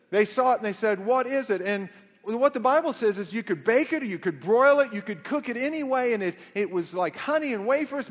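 Man, pastor, sermon, high-pitched, animated delivery, reverberant hall. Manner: animated preaching with dramatic pitch swings and acted-out quotes. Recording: dull lo-fi sound with long hall reverb.

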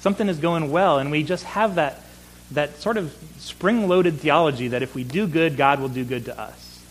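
A man preaching with earnest conviction and a fairly high voice. He repeats words when he presses a point home. A faint hum sits under the recording. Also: moderate pace, poor audio. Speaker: pastor. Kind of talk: sermon.

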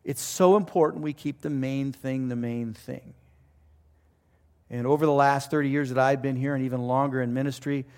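A middle-aged or older man, a pastor preaching a conversational sermon with animated storytelling. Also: mid-range voice.

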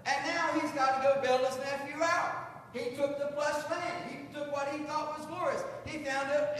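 A man preaching in a high voice tells the story in a folksy way and acts out each quote. He is heard in a large hall with a long echo. A faint hiss sits underneath. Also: a bit bright. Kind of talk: sermon. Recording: echoey hall with long reverb and faint noise.

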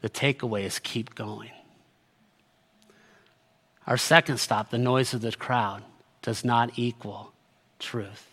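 A man preaching a sermon, reading scripture aloud and swinging from loud, rising exhortation to a hushed, slow close. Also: medium pitch, steady tone. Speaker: pastor.

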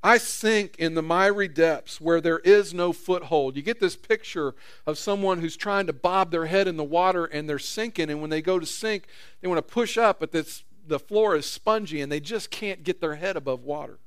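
A man's voice: on the high side, fairly quick, clear, resonant tone, dry recording, studio quality. A man preaching a sermon in a conversational way, acting out quotes with rising intensity. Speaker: pastor.

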